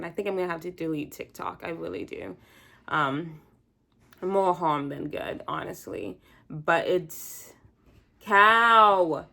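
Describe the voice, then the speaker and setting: A young woman chats alone on her podcast, rambling and candid as if on a phone call with a friend. Her voice sits a little low and has a lot of fry and gravel. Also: fairly bright tone. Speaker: podcast host. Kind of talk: casual solo chat.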